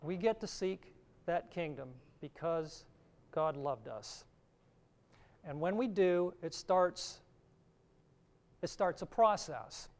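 Slow, earnest male preacher. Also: a little high, animated. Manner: slow, earnest teaching with scripture readings. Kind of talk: sermon.

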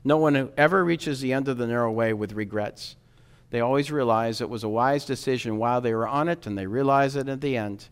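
A man preaching a sermon in an earnest, urging way, rising in emphasis and dropping low again. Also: fairly quick, smooth.

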